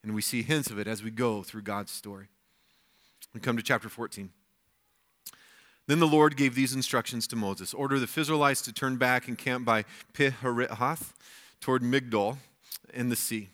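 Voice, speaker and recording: A man pastor giving a weekend sermon, reading scripture aloud and explaining it in a conversational way with lively asides. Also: medium pitch, normal speed. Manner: conversational, with frequent restarts and acted asides.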